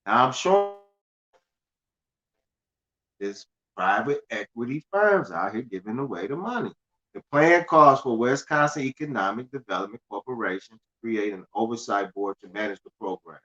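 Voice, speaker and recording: Male host, casual and rambling, repeats himself, middle pitch, muffled lo-fi recording. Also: expressive, normal speed, bright, forceful tone. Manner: loose and conversational, stumbles and repeats words, laughs at himself. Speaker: finance channel host. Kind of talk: casual livestream talk reading news aloud.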